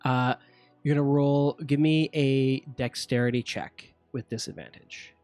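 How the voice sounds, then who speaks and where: A man narrating as game master, halting and relaxed, with many fillers. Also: mid-range voice, dry recording, faint music behind.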